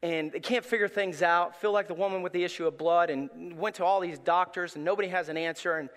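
Man, pastor, sermon, high-pitched, bright forceful tone, impassioned, long hall reverb. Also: steady tone, a little fast. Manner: impassioned, rising to shouts when retelling his prayers. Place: church hall.

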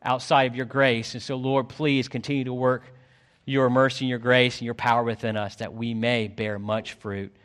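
A man preaching a sermon as pastor, swinging between loud pleading and hushed low tones. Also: little pitch movement, moderate pace.

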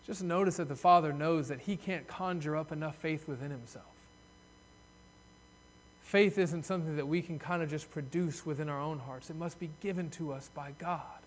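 An earnest male pastor preaching a sermon with a high-pitched voice. He swells loud and high when he voices a desperate plea, then sinks soft and low to reflect.

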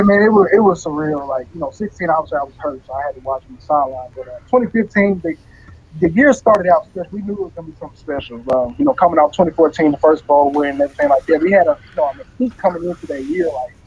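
A young man and former college football player, telling stories as an interview guest in a relaxed way, often laughing and repeating words. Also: a little high, fast, highs cut off, a little hiss or hum. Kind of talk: casual interview.

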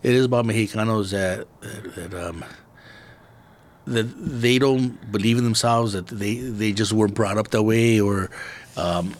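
A middle-aged man from East Los Angeles, hosting a casual podcast talk, laid-back and swearing freely as he thinks out loud. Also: fairly low pitch, unhurried. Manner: laid-back and profane, muses aloud. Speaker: podcast host.

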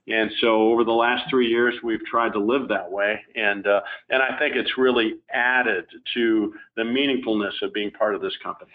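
A man being interviewed as a former company executive, talking in a relaxed, rambling way with many fillers. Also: mid-range voice, normal speed, narrow, tinny audio. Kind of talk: casual conversational interview.

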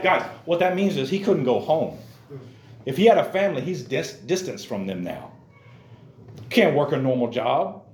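A man's voice: on the high side, darkish tone, roomy sound. A man teaching a Bible lesson to a youth class, emphatic and addressing his listeners directly.

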